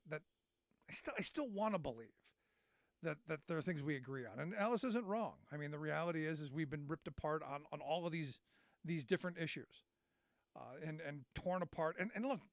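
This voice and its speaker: A man's voice: sits high, no room sound, clean studio sound. A man hosting a call-in radio talk show, speaking sarcastically and conversationally, often restarting his sentences.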